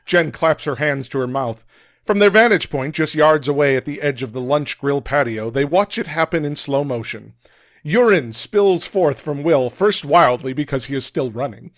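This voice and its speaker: A man reading his own novel aloud as a podcast guest, with steady, measured narration. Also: fairly high pitch, dry recording, studio quality. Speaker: author and guest.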